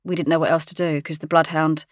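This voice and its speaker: A woman's voice: low-pitched, little pitch movement, fast, dry recording, studio quality. A woman, an actress, chatting in an interview, laughing often as she tells stories. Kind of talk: casual interview chat.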